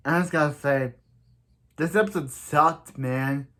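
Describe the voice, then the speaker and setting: A man's voice: on the high side, unhurried, a bit bright. A young man casually recapping and ranting about a TV episode, rambling with many restarts and growing heated. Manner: rambling, repeats "he's like" and "so yeah", heated. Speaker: TV episode reviewer.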